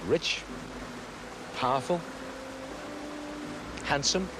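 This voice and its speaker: A man's voice: fairly high pitch, very slow, noisy background. An actor playing a wry, self-mocking young man in a 1970s television drama.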